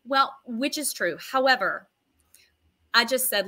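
A woman's voice: a little high, lively intonation, measured pace, pauses often, pushed and bright. A middle-aged woman, a nurse, telling stories as an interview guest in a chatty, long-winded, self-deprecating way. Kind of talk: casual interview storytelling.

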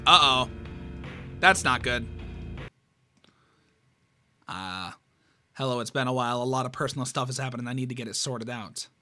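A man's voice: medium pitch, moderate pace, long pauses, sharp tone, faint music behind. A man reading a fan horror comic aloud, reacting with surprise and swearing. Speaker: comic reader.

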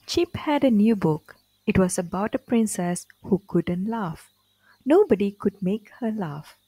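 A woman reads a children's storybook aloud at an unhurried pace. Her voice moves lively up and down in a middle pitch. The sound is dry and close. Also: no room sound, rough recording. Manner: slow, clear and expressive. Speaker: storybook reader.

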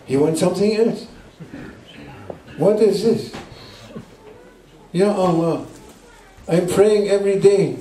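A male Sufi sheikh with a high, dark-toned voice teaches a gathering in an indoor room at a guesthouse. His sermon comes in halting, non-native English, repeating short emphatic phrases. The distant mic picks up a roomy echo.

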